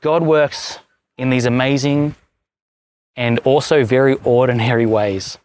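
Male preacher, casual stop-start sermon storyteller, middle-pitched voice. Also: steady tone, a little slow, a little mellow, slight background noise. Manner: rambling, self-correcting storyteller with many restarts. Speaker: pastor.

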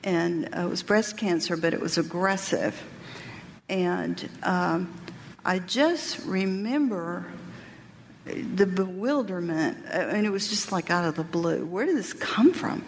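A woman giving a women's workshop talk, sharing a personal testimony and Bible teaching in an earnest, reflective, halting way. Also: fairly low pitch, creaky. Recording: reverberant hall with faint noise.

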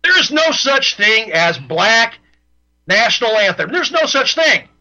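A man's voice: sits high, sing-song, a little slow, bright, forceful tone, highs cut off. A man hosting a talk radio show, ranting in an opinionated monologue and repeating his points for emphasis.

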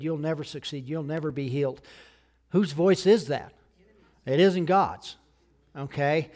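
Conversational preaching man, slightly high voice. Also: a little mellow. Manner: conversational preaching with frequent "okay?" check-ins. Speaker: pastor. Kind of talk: sermon.

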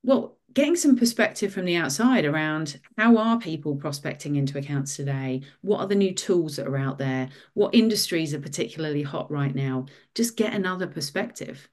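Lively lower-pitched woman giving advice. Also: normal speed, few pauses. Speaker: guest, author. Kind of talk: casual interview talk.

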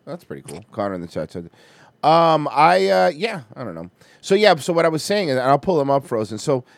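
This stream host, based somewhere hot, cracks jokes and curses freely while reacting to music videos, laughing all the while. His fairly high, creaky voice moves in big pitch swings at a slightly fast pace, and the audio has no echo.

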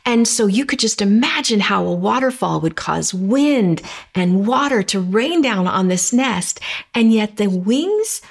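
A woman hosting a devotional podcast, reading scripture and speaking in an earnest, encouraging way, slowing down for declarations. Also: mid-range voice, expressive, gravelly. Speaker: podcast host.

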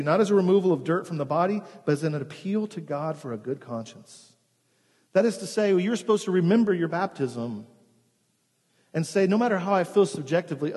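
A male pastor preaching a sermon, earnest, often dropping to a hushed, slow emphasis. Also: on the high side, slightly rough, long reverb tail.

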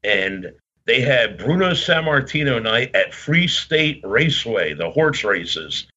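A man's voice: mid-range voice, sing-song, takes it slowly, bright, forceful tone. A man telling long, rambling stories in casual chat, laughing often and acting out what people said. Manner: rambling, laughing, acts out quotes. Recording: dull lo-fi sound.

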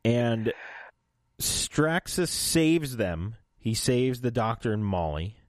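A man co-hosting a casual podcast, recapping a show with lively asides and goofy voices for the characters. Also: medium pitch, slow pace, dry recording, clean studio sound. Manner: animated, slips into goofy voices when retelling scenes. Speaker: podcast co-host. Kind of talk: casual chat recapping an episode.

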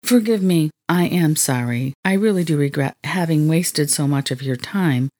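A man's voice: on the high side, moderate pace, darkish tone, lightly acted. Woman reading as a courteous apologetic businessman. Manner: formal, courteous. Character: polite apologetic male business buyer.

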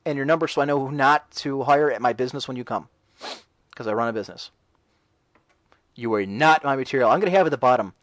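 A man's voice: mid-range voice, fast, no echo, low-quality recording. A man hosting a casual talk radio show, reading and answering chat messages in a sarcastic, ranting way.

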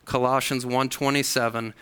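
A man's voice: mid-range voice, little pitch movement, moderate pace, a bit bright, clear, resonant tone. A man preaching a sermon in a church, earnest, acting out the voices he quotes. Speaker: pastor. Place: church hall.

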